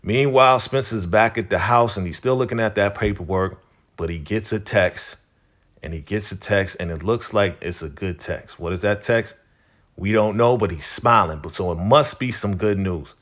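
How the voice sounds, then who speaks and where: A man with a somewhat low voice recaps a TV episode in loose, casual narration. He talks conversationally, doubling back to repeat phrases and filling gaps with "you know.". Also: normal speed, a bit bright.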